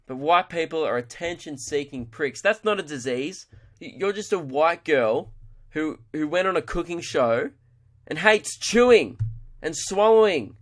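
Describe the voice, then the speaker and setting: Ranting man, slightly high voice. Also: a bit bright. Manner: exasperated, ranting, sweary, mimics people in quick voices. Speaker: comedian podcast host. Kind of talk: ranting comedy podcast monologue.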